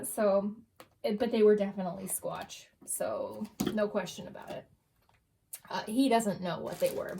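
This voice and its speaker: A woman's voice: medium pitch, creaky, darkish tone, a little hiss or hum. A woman, telling a story in a chatty voice-over full of fillers and laughter. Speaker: journaling vlogger.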